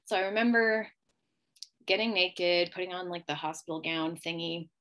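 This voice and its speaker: Low-voiced woman telling a personal story. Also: normal speed, a bit bright. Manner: candid and emotional, with frequent fillers. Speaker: podcast host.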